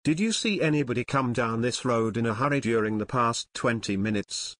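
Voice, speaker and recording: A man's voice: medium pitch, a little fast, a bit bright, no echo, studio quality, natural voice. A man voicing Joe, an eager younger teenage boy detective who talks in a direct way.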